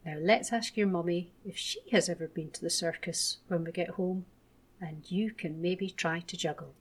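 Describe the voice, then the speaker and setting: A woman doing a gentle, reassuring dad. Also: fairly low pitch, moderate pace, slightly rough. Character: kind patient young father.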